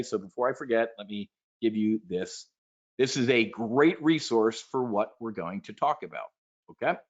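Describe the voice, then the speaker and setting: A man's voice: mid-range voice, dull audio. A man giving an investing webinar talk, emphatic and salesy, speaking straight to his audience. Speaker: investment presenter.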